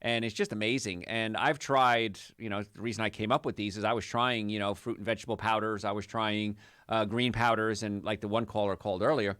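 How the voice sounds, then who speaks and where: A man's voice: lowish voice, steady tone, brisk, a bit bright, clean tone, dry recording, studio quality. A man hosting a call-in health radio show, chatty, upbeat and jokey, rambling from one point to the next. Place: radio studio.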